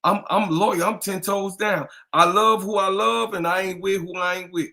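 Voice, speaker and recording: Hyped man repeating shout-outs. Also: sits high, fairly even intonation, moderate pace. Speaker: podcast co-host. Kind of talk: casual livestream chat.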